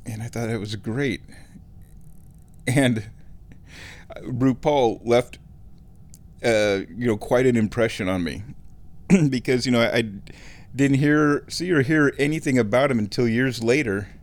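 A man from Omaha, Nebraska, telling a rambling, nostalgic story in a casual monologue, chuckling often and clearing his throat. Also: mid-range voice, a little slow, long pauses. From Omaha, Nebraska, USA.

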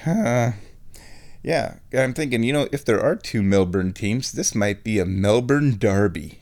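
A man hosting a show on his own, thinking aloud in an excitable, self-mocking ramble. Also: medium pitch, measured pace. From United States. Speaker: podcast host. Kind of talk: rambling solo chat.

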